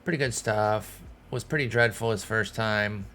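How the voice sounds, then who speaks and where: A man's voice: on the low side, moderate pace, sharp tone, slight background noise. A man, thinking aloud in casual commentary as he manages a baseball team in a video game. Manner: thinking aloud, talking to himself and the players. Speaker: gaming streamer. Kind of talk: casual let's-play commentary.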